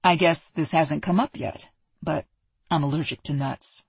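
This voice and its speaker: A narrator voicing an earnest young man who speaks in hushed, apologetic asides. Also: medium pitch, moderate pace, gravelly, breathy edge, dry recording.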